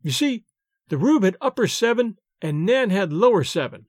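A man's voice: high-pitched, very animated, moderate pace, no echo, clean studio sound. A man voicing a young wife telling a secret in a gossipy, confiding way.

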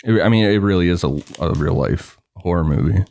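A male podcast host who reads a true-crime account in a measured way and chats casually between passages. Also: low-pitched, animated, gravelly, darkish tone.

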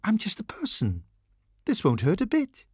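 A man voicing a cheerful female fortune teller dressed as a witch, in a high, coaxing sing-song voice in an audiobook reading. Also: huge pitch swings, moderate pace, darkish tone, husky, no room sound, clean studio sound, heavily acted. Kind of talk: audiobook narration.

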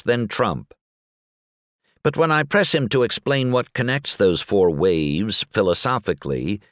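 Lowish male narrator, lots of up and down in his voice, dry close mic. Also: no room sound. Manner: measured, articulate reading with lively intonation. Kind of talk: scripted narration of a magazine article.

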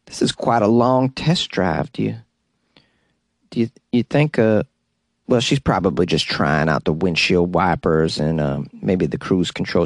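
A dim-witted car lot worker, put on by a man drawls slowly in a low, dopey voice. He sounds unbothered and a little slow. The recording is dry and close. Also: no room sound, exaggerated voice.

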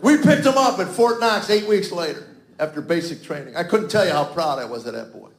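A man's voice: a little high, animated, brisk. A man in his fifties telling a stand-up story in a folksy, self-deprecating way, with punchy delivery. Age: 50s. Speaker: comedian. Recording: echoey room.

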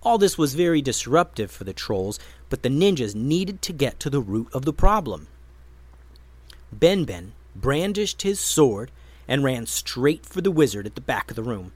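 A male storyteller reading a children's adventure tale with expressive, animated delivery. His pitch rises and falls freely around a middle register. The recording is close and dry, with no room sound. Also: moderate pace, no echo.

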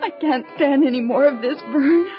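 An actress playing a frightened hostage wife. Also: female voice, sits high, normal speed, lightly acted. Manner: pleading, anxious. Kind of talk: vintage broadcast drama acting. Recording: lo-fi old recording with music.

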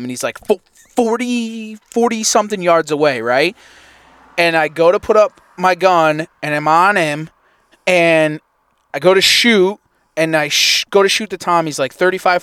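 Sitting inside a parked truck, a young man co-hosting a podcast tells a hunting story in casual chat, swearing a lot and acting out his own reactions with animation. His voice is fairly high and smooth, recorded with clean studio sound and no echo.

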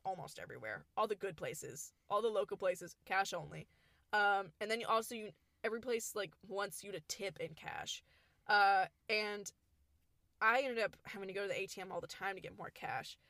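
A woman's voice: medium pitch, brisk, no room sound, studio quality. Chatty young woman telling stories. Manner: animated, acts out quoted people with laughs. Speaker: podcast co-host. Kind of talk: casual storytelling chat.

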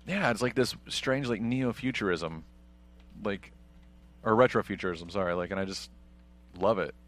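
A man's voice: lowish voice, moderate pace, fairly bright tone. A man co-hosting a casual movie watch-along, talking in a rambling way full of fillers. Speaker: podcast co-host.

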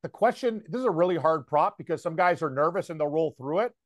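A man with a slightly raised voice, talking in a loose, rambling way and piling on fillers as he gets excited. He co-hosts a sports betting show and chats casually about his picks. The sound is dry and close, with no room around him. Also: on the high side, fast talker, no room sound. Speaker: sports betting podcast co-host. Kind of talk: casual chat.

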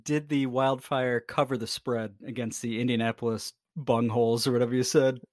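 A man's voice: medium pitch, fairly even intonation, moderate pace, darkish tone, no echo, studio quality. A man co-hosting a podcast, asking wry, teasing questions in casual sports chat. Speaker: podcast co-host.

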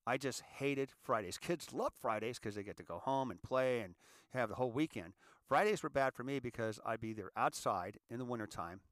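A man of sixty from California, hosting a show and telling his story in an earnest, halting monologue that often repeats words. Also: medium pitch, animated, no room sound. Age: 60s. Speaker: show host. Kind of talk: confessional monologue.

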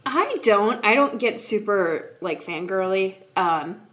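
A woman with a middle-pitched voice tells a relaxed, self-deprecating story on a book podcast. She laughs often and sprinkles "like" through her sentences. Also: takes it slowly. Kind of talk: casual chat, storytelling.

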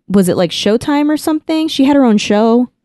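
A woman's voice: fairly high pitch, expressive, brisk, dark tone, dry recording, studio quality. Chatty woman telling a casual story. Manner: chatty storyteller, heavy use of "like", frequent restarts. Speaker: podcast co-host. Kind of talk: casual chat.

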